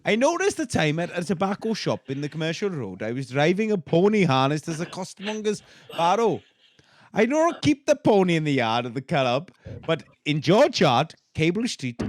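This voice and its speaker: A Victorian man tells his tale in a hammy mock-Welsh accent, as a podcaster puts it on. The voice sits high and swings widely, all with a mock-earnest reading-aloud manner in a dry, close sound. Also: big pitch swings, moderate pace, no room sound. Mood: mock-dramatic. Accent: put-on Welsh. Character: Victorian male steward recounting finding a body.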